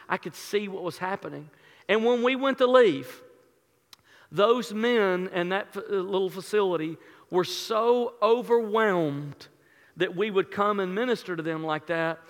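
A man's voice: sits high, a little slow, big-room sound. A male pastor telling an earnest, emotional story in a sermon, with many restarts.

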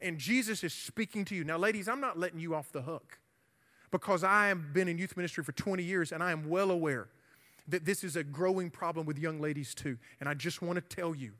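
A man preaches to a youth group, his bright, fairly high voice carried by a long hall reverb. He tells stories animatedly and breaks into loud shouts. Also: a little fast. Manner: animated, shouting during the retold confrontation. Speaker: youth pastor. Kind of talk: sermon with storytelling.

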